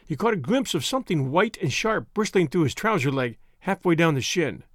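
A man narrating an old-fashioned story in a scripted, expressive, unhurried way. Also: on the high side, no echo, studio quality.

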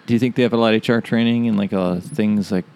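A man with a somewhat low voice chats on a podcast. He is playful and laughs between his jokes. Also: steady tone, fast talker, darkish tone, smooth. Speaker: podcast co-host. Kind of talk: casual chat.

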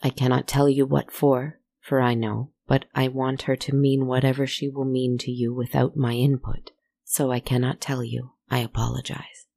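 A storyteller narrating a slow, meditative tale in a soft, reflective manner, with asides to the listener. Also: medium pitch, little pitch movement, gravelly.

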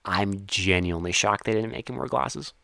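A man's voice: fairly low pitch, normal speed, vocal fry, sharp tone, dry recording, clean studio sound. A man co-hosting a casual movie-recap podcast, wry and profane, quoting characters and his own reactions. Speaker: podcast co-host.

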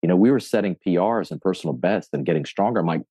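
A deep, mellow man in his forties tells how he got into fitness, recorded close and dry. He talks casually, swears freely and plays out the voices of friends and himself. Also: fast, breathy edge, no room sound. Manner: animated storyteller, acts out quotes, swears casually. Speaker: gym owner and fitness coach. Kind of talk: podcast interview, casual storytelling.

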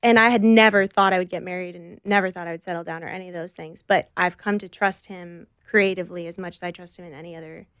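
A woman's voice: on the low side, steady tone, quick pace, few pauses, fairly bright tone, clear, resonant tone, no room sound. Earnest woman, close dry sound. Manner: reflective, earnest, frequent fillers. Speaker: guest. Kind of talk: conversational interview.

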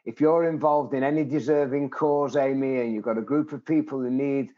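A man's voice: mid-range voice, fairly even intonation, brisk, phone-quality sound. A man in his seventies, a guest in an interview, who tells stories with animation and acts out the people he quotes. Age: 70s. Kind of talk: interview conversation.

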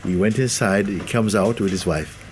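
A man's voice: on the low side, normal speed, background noise. A man giving a spiritual talk to an audience, laughing often and acting out the voices of the people he quotes. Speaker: spiritual teacher.

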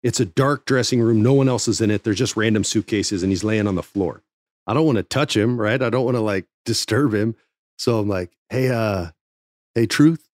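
A man, a former wrestling TV writer, telling a casual backstage story with lively acted-out quotes and free swearing. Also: on the low side, fairly quick, no echo, studio quality. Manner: animated, swears freely, acts out quotes.

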